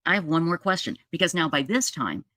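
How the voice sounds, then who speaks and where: Middle-aged woman, storytelling monologue, animated quoted dialogue, dry close sound. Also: sits low, fairly quick, no room sound. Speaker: true crime podcaster.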